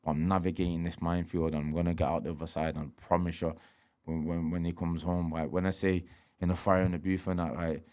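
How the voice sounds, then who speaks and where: A man, speaking as a guest on a candid podcast. His voice sits very low and he talks at a fast clip, streetwise and blunt, with plenty of swearing and repeated check-ins with the listener. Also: little pitch movement, darkish tone. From Manchester. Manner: streetwise, swears, repeats "do you know what I mean". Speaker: interview guest, rapper.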